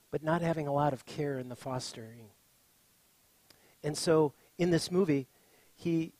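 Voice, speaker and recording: A middle-aged man preaching a sermon as pastor, impassioned, swinging from loud declarations to soft, quiet words. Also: fairly high pitch, no echo.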